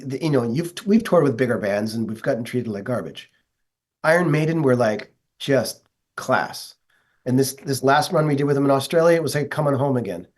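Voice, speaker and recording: A man's voice: medium pitch, darkish tone. A man from the northeastern United States speaks as an interview guest. He tells stories in an earnest, enthusiastic way, and his voice sits in a middle register. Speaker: guest, metal vocalist. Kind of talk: casual interview chat.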